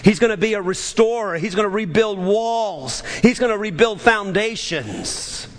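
A man preaching a sermon, his voice swelling high and then dropping low. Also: animated, a little slow, long reverb tail, a little hiss or hum. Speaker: pastor.

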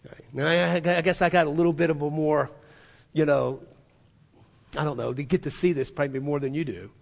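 High-pitched gravelly preacher in echoing hall. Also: male voice, fairly even intonation, fairly quick. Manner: impassioned preaching that swings from loud emphasis to near-hushed delivery. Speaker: pastor. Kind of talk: sermon.

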